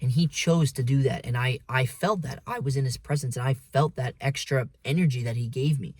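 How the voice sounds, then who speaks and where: A man's voice: mid-range voice, fairly quick, darkish tone, no room sound. A man talking in a casual, blunt monologue, swearing freely and preaching to the listener as "man" and "dude". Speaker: vlogger.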